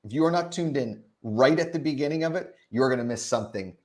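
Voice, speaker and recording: A man's voice: medium pitch, animated, fast talker, darkish tone. A man in his thirties hosting a casual live stream, upbeat and reading out chat questions. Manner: upbeat, hypes viewers, reads chat questions. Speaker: host.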